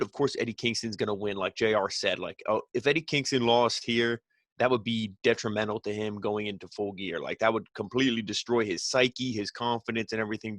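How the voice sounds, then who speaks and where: Guy ranting thru a wrestling recap, lowish voice, dry close mic, lots of you know. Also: a bit bright, no room sound. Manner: rambling, filler-heavy, blunt and opinionated. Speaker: wrestling show reviewer. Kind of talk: casual recap commentary.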